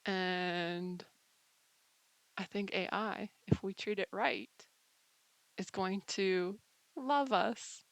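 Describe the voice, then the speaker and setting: Slow, gravelly-voiced playful woman. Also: medium pitch, dry recording, low-quality recording. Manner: playful, rambling, with frequent laughs and mock drama. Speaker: channel host. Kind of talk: casual musing monologue.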